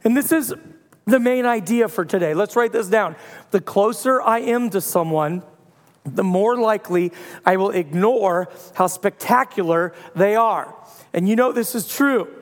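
Man, 30s, pastor; high, joking sermon delivery with shouted outbursts; big reverberant room. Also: measured pace. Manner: storytelling with playful humor and loud bursts. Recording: long hall reverb.

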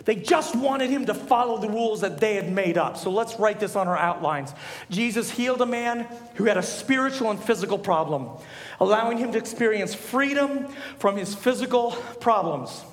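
A young man preaching a sermon as a pastor, telling stories with animated energy and rising to shouts. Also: sits high, normal speed. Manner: animated storytelling, rises to shouts. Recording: echoey hall.

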